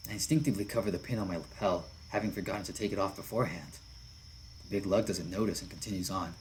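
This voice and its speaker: A man with a fairly low voice reads a visual novel aloud as its narrator. He keeps up casual asides and small chuckles between passages, with faint background noise under the recording. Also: quick pace, low-quality recording. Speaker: visual novel let's player.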